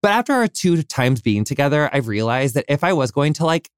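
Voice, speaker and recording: A man's voice: on the high side, sing-song, fairly quick, smooth, no echo, studio quality. Gushing American man hosting a podcast. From United States. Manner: effusive, gushing, heavy filler "like", casual swearing. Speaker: podcast host. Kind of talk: casual interview chat.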